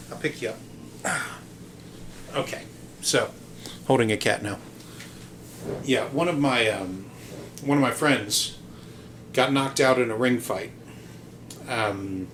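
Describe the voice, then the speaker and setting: A man's voice: medium pitch, fairly bright tone, a little hiss or hum. A man hosting a podcast, telling a casual story in a rambling, hesitant way, full of ums and restarts, with some casual swearing. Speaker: podcast host.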